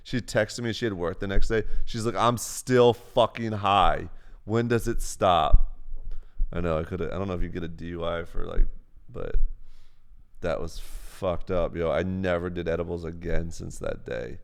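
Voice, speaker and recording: Young male streamer, low smooth voice, rambling profane storyteller. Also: moderate pace. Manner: rambling, profane, acts out quotes in a raised voice. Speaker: live streamer. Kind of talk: casual storytelling on a live stream.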